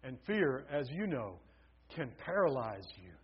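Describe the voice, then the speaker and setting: A man's voice: mid-range voice, big pitch swings, unhurried, slightly rough. A man preaching a sermon, telling stories with building emphasis. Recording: dull lo-fi recording.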